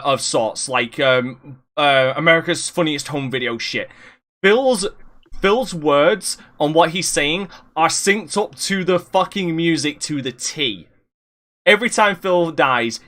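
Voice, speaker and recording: A man with a fairly high, bright voice rambles through casual podcast chat. He swears freely, restarts his sentences and often breaks into big laughter. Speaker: podcast host.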